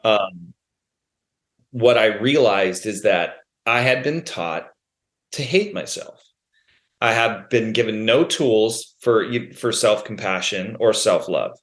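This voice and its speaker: A man's voice: fairly low pitch, slow pace. Man telling his story in a roomy echo. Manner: rambling with frequent restarts and swearing, animated when quoting himself. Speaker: podcast guest, band musician. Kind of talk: candid storytelling conversation.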